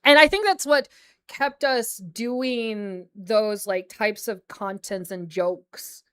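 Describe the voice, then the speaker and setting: Chatty young American woman streamer, smooth voice. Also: mid-range voice, slow, fairly bright tone. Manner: rambling, chatty, laughs often, many fillers. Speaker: VTuber streamer. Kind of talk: casual livestream chat.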